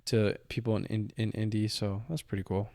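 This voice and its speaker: A man's voice: fairly low pitch, little pitch movement, fairly quick, creaky, a little mellow, no room sound, studio quality. A young man co-hosting a casual sports podcast, laid-back and swearing casually. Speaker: podcast co-host.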